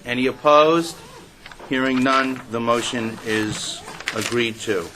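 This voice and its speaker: A man's voice: medium pitch, takes it slowly, noisy background. A man chairing a formal meeting, speaking in a procedural way with frequent ums. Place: meeting room.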